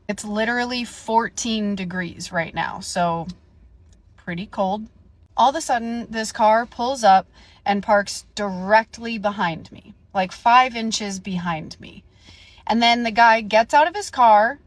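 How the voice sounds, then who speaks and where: A young woman telling a story in a casual rant, animated and indignant, acting out the dialogue. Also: medium pitch, no echo. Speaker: storyteller vlogger.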